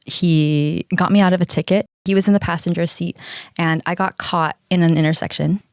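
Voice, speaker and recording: A woman's voice: fairly low pitch, fairly even intonation, normal speed, darkish tone, no echo, clean studio sound. A woman in her thirties co-hosting a podcast, telling personal stories in a chatty way, laughing often and swearing casually. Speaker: podcast co-host. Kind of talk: casual storytelling chat.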